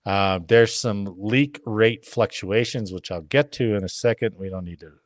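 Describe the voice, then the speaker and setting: A man hosting a casual podcast, reading news articles aloud and riffing on them with jokes and quick put-on voices. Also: lowish voice, no room sound. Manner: jokey, reads articles then riffs with funny voices.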